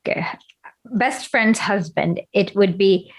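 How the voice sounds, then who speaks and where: A woman's voice: on the high side, expressive, moderate pace. Giggly, eager woman host. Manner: giggly, restarts often, explains eagerly. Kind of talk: casual chat.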